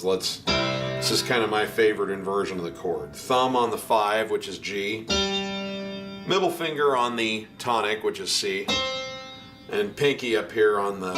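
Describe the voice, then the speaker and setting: A man teaching piano in a relaxed, chatty way, counting beats aloud as he explains. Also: on the low side. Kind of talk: casual instructional talk at the piano. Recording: piano music under the voice. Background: piano playing.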